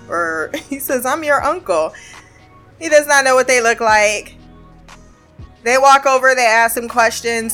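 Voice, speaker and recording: Chatty high-voiced woman recapping a show. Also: pushed and bright. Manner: chatty, laughing, quoting characters in quick bits. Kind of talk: casual episode recap.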